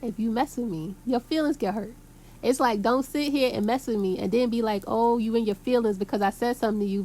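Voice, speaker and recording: A woman from Brooklyn, talking to her viewers in a rambling, emphatic way full of street slang and cursing. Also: a little high. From Brooklyn, New York. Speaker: vlogger. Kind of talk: casual rambling monologue to camera.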